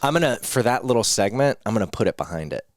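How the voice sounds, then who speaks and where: A man's voice: lowish voice, animated, quick pace, no room sound, clean studio sound. A man hosting a movie podcast who chats enthusiastically and keeps saying "dude". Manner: enthusiastic, says "dude" a lot. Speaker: podcast host. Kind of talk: casual chat.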